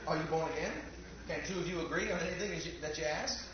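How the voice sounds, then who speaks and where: A man's voice: on the high side, fast talker, a crowd in the background. A man preaching a fervent sermon, firing rhetorical questions at the congregation and calling for amens. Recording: echoey, dull lo-fi church recording.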